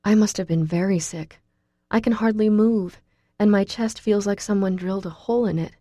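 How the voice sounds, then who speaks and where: A woman voicing a feverish young woman whose voice is weak, thin, raspy and breathless. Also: mid-range voice, normal speed, dry recording, studio quality, close to an everyday voice. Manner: soft and breathless.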